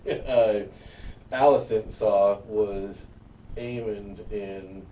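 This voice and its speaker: A man in casual podcast chat about a TV episode, talking loosely and filling pauses with "like". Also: fairly low pitch, fairly even intonation, warm tone. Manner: loose, filler-heavy, with lots of "like". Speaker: podcast co-host. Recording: echoey room, distant mic, faint noise.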